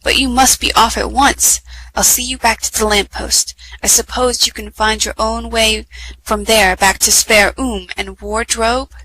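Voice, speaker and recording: A gentle, nervous faun who speaks in a soft, hushed way, as a woman reading aloud puts him on. The voice stays close to the reader's own, clear and bright. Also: fairly high pitch, steady tone, a little slow, a little hiss or hum, poor audio. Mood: anxious hush.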